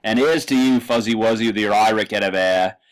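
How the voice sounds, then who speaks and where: A man putting on a Cockney accent to play a drunk man reciting a poem in a loud, singsong recital. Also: on the low side, fairly quick, voice pushed up, natural voice. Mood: rousing. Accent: put-on Cockney.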